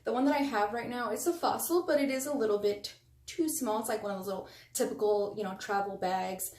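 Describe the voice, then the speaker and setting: A woman's voice: mid-range voice, fairly quick, darkish tone. A woman vlogger chatting casually and gushing over items in a haul video, recorded on a camera mic at home. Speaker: beauty vlogger. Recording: echoey room, faint noise.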